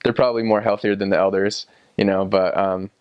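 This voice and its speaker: A young man who served as a missionary, casually recalling his time abroad in a relaxed, rambling way with many fillers and restarts. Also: deep voice, fairly quick, clear, resonant tone, no echo, dull audio. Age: young adult. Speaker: returned missionary. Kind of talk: casual personal recollection.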